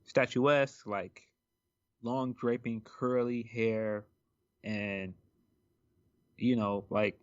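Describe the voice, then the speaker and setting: A man's voice: mid-range voice, fairly even intonation, very slow, pauses often, smooth, no room sound, muffled recording. A man co-hosting a podcast in casual chat, rambling with lots of ums and likes. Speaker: podcast co-host.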